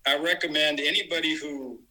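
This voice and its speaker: A man's voice: a little high, fairly even intonation, brisk, bright, forceful tone, poor audio. A middle-aged man, a former sportswriter and guest on an interview show, telling stories casually and animatedly, acting out quotes with many restarts. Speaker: guest, former basketball writer.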